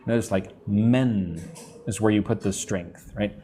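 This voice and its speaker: An American man teaching English on a live stream, speaking slowly and clearly, repeating words for practice and greeting viewers from the chat. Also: fairly low pitch, wildly swooping pitch, warm tone. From United States.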